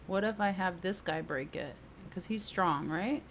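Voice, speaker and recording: A woman talking through a video game in a relaxed, chatty way, musing aloud and weighing her options. Her voice sits on the low side, with a faint hum of room noise behind it. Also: unhurried, rough recording. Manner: chatty, thinking aloud with fillers. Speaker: gameplay streamer. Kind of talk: casual let's-play commentary.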